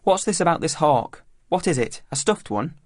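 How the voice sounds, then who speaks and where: A man voicing a kindly male teacher who asks gentle, probing questions. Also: a little high, sing-song, normal speed, dry recording, clean studio sound, pitched above the performer's own voice. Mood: curious.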